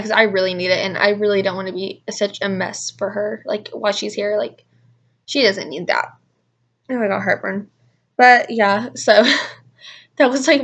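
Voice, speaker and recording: A young adult woman telling a story in a casual vlog, rambling with constant "like" fillers. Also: medium pitch. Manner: rambling, heavy use of "like" fillers. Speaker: vlogger.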